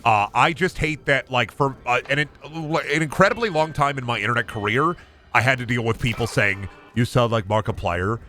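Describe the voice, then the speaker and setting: A man's voice: medium pitch, moderate pace, pushed and bright, soft background music. A man streaming a video game, chatting and swearing casually, often with an upward inflection. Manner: chatty, rambling, swears freely. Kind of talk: casual gameplay commentary.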